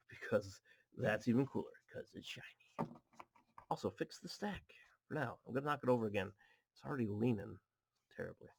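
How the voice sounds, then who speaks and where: Gravelly-voiced guy chatting over card packs. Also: medium pitch, animated, normal speed, pauses often, a little mellow, slight background noise. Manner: chatty, reads card text aloud with goofy asides. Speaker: card pack opening host. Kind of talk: casual chat while opening cards. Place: home apartment.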